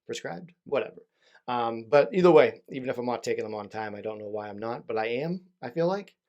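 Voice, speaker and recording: A man's voice: medium pitch, animated, brisk, a little mellow, dull audio. A young man hosting a solo podcast, talking casually in a rambling, self-deprecating way and swearing freely. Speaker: podcast host.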